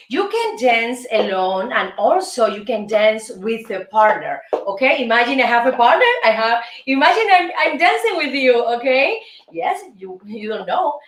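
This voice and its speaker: A woman's voice: high-pitched, very animated, moderate pace. A Cuban woman, a native Spanish speaker, hosting a show and teaching salsa steps in accented English, counting beats aloud in a playful, encouraging way. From Cuba. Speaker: dance instructor and show host. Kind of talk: dance lesson. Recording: roomy, distant mic, faint music.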